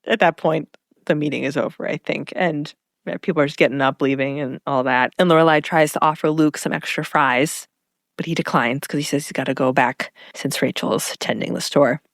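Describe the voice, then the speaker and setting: A woman's voice: deep voice, brisk, dry recording, studio quality. A woman co-hosting a casual podcast, recapping an episode and acting out the characters' lines with laughter. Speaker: podcast co-host.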